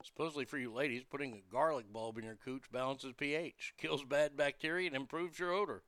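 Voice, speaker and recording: A man's voice: medium pitch, brisk, a bit bright, no room sound. A man hosting a show, delivering a crude, mocking comedic monologue that rambles with restarts. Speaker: radio show host.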